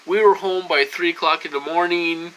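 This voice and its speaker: A man in his forties talking straight to his viewers in a rambling casual vlog, full of restarts and asides to "you guys", turning loud and agitated when a story heats up. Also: fairly high pitch, fairly even intonation, moderate pace, poor audio. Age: 40s. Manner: gets loud and agitated when retelling a confrontation. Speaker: vlogger.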